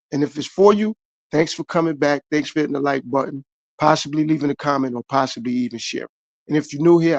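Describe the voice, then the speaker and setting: A man's voice: a little high, dry recording, dull audio. A man hosting his own podcast, giving a repetitive motivational monologue straight to his viewers. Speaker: podcast host.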